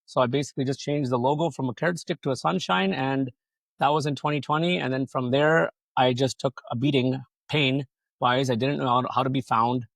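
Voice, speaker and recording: A man's voice: medium pitch, fairly even intonation, fairly quick, creaky, fairly bright tone, no room sound. A man telling his business story as a podcast guest, rambling casually, swearing freely and acting out other people's lines. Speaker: podcast guest, solar company founder.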